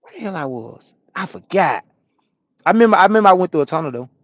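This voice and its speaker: A man from Atlanta, a truck driver chatting casually on a live stream and answering viewers' comments in a relaxed, repetitive way. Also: high voice, quick pace, dry recording, muffled recording. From Atlanta, USA.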